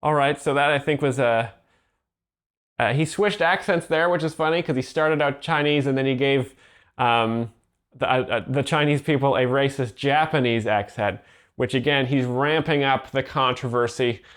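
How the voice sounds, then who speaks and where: Smooth-voiced deadpan man explaining jokes. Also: mid-range voice, normal speed. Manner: deadpan, mock-earnest, sarcastic. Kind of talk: deadpan ironic commentary.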